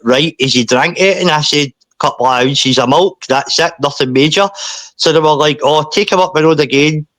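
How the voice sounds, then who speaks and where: A man, a podcast guest, recounting a painful personal story in a halting way, often repeating himself and saying mate. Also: on the high side, a bit bright, no echo.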